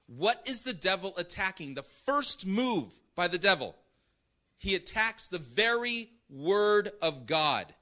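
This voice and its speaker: A man's voice: a little high, pushed and bright. A male preacher giving an emphatic sermon, often checking in with his listeners. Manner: emphatic, keeps checking in with "right?" and "okay?".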